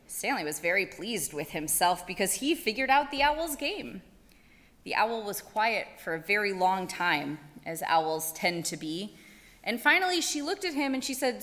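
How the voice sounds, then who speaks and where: A woman leading a service who tells a story to the congregation in an expressive, animated way. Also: lowish voice, normal speed, big-room sound. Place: synagogue sanctuary.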